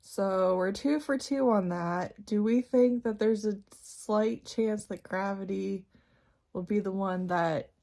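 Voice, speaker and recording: A woman's voice: medium pitch, slow pace, creaky, mellow. A woman book vlogger chatting casually about her reading, laughing often and getting tearful when a story moves her.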